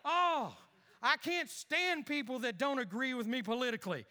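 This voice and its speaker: A man's voice: very high-pitched, brisk, bright, forceful tone, smooth, in a large hall, voice pushed up. A man playing a whiny grumpy dad. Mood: griping. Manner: whiny, exasperated ranting. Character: grumpy middle-aged father, whining and complaining. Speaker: one-man skit in a sermon.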